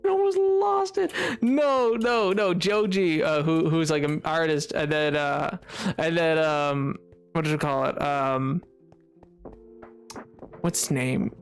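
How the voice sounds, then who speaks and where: A live streamer talks loosely with viewers while playing, drifting between half-finished stories and replies to chat, with sudden squeaky yelps. The voice sits at a middling pitch, and some quiet music runs faintly underneath. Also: slow pace, clear, resonant tone. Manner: rambling, answers chat, sudden high-pitched outbursts.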